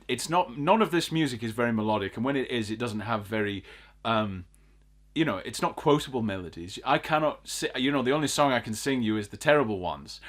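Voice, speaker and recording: A man's voice: mid-range voice, a bit bright. Guy ranting hard on a film podcast, exasperated, says everything twice. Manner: exasperated, emphatic, repeats himself.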